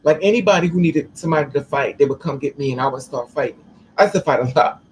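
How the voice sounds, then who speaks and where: A woman telling a personal story to camera in a blunt, profane, animated way. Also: low-pitched, fast talker, a little hiss or hum, poor audio. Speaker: vlogger.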